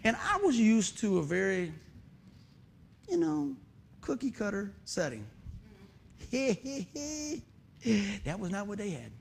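A high-pitched man delivers a sermon, animated and quick to laugh as he tells his story. His voice sits well above the usual range for a man. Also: vocal fry, a little hiss or hum. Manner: animated, often laughing while telling the story. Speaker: preacher and musician. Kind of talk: sermon with a humorous personal story.

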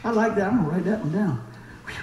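Animated high-voiced preacher in echoey hall. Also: male voice, slight background noise. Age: 40s. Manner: animated, laughs often, acts out voices in stories; talks fast. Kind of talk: sermon with personal stories. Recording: very echoey room.

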